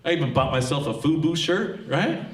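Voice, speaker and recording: A man from Tacoma doing a profane, animated stand-up comedy set on a live theatre stage. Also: fairly high pitch, brisk, background noise. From Tacoma, Washington. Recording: echoey live theatre with crowd laughter. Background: audience laughing and clapping.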